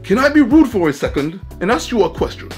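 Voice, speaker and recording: A man doing a loud excitable African guy. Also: sits high, quick pace, faint music behind, voice pushed up. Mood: polite curious. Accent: South African, put on. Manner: blurting, shouting loudly. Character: excitable young male African college friend.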